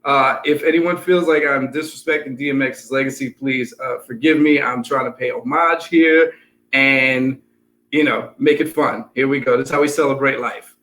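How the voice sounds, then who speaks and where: A man chatting casually on a video call, who puts on a raspy voice to rap a picture book over a hip hop beat. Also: mid-range voice, steady tone, moderate pace, fairly bright tone, slight background noise, rough recording. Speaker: children's book rapper.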